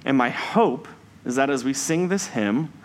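A man preaching a Sunday sermon in a measured, reflective way, slowing down for emphasis on key phrases. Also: mid-range voice, lively intonation.

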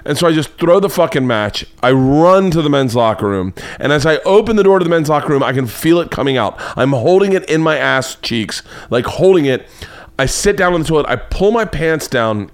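A man's voice: medium pitch, brisk. A young adult man hosting a comedy podcast, telling a profane story and acting out the voices in it. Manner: profane, animated, acts out voices in his stories. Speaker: comedian host.

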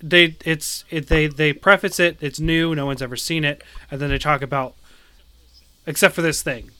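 A man's voice: fairly high pitch, steady tone, moderate pace, sharp tone, dry recording. A man in casual chat about a video game, ranting with exasperation.

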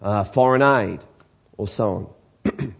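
Earnest Australian pastor preaching. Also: male voice, lowish voice, slow pace, creaky, husky, muffled recording. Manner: earnest, emphatic, with rhetorical questions. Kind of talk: sermon.

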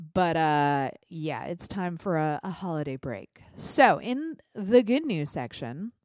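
A woman hosts her podcast alone in a chatty, blunt way. Her voice is stuffy from a sinus infection, and her pitch swings widely as she talks. The sound is close and dry, with no room around it. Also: darkish tone, clean tone, dry recording. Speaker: podcast host. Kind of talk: solo political podcast commentary.

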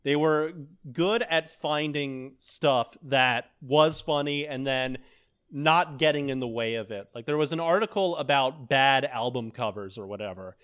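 A man co-hosting a podcast, giving his opinions in relaxed, thoughtful casual chat. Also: medium pitch, measured pace, smooth. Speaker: podcast co-host.

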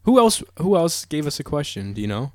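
A man's voice: on the high side, big pitch swings, a little fast, darkish tone, no room sound, studio quality. A young man co-hosting a podcast, joking in easygoing casual chat. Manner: easygoing, joking, drops filler words. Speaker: podcast co-host.

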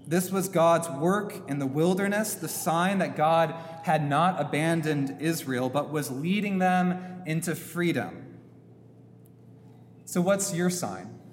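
A man preaching a sermon as a priest in a church, slow and emphatic, posing rhetorical questions. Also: a little high. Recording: long church reverb, faint hum.

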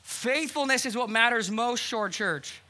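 A man's voice: extremely high pitch, measured pace, pushed and bright. A man preaching a sermon as pastor, earnest and urgent, posing questions to the congregation. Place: church hall.

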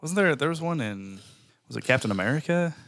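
A man's voice: a little high, expressive, brisk, a bit bright, dry recording, clean studio sound. A man co-hosting a podcast, joking and chatting easily, sometimes trailing off. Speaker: podcast co-host. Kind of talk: casual podcast banter.

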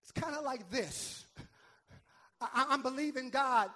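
Male pastor, sermon, very high voice, unhurried delivery, emphatic, repeats himself, calls for responses. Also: sharp tone. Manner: emphatic preaching with stammered repeats and calls to the congregation.

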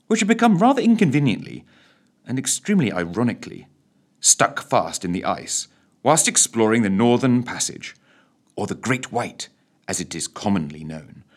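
A man, reading a radio story in a theatrical, droll narration. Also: mid-range voice.

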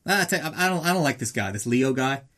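A man's voice: animated, quick pace, fairly bright tone. A young man hosting a podcast, recapping a movie in a rambling, crude comic way. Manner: rambling and crude, acts out characters in high voices. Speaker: podcast host.

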